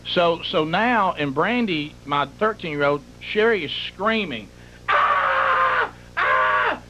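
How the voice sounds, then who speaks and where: A man's voice: a little high, expressive, unhurried. A middle-aged man, hosting a radio show and telling a comic story in a rambling, exaggerated way that piles up details. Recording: muffled broadcast with faint hum.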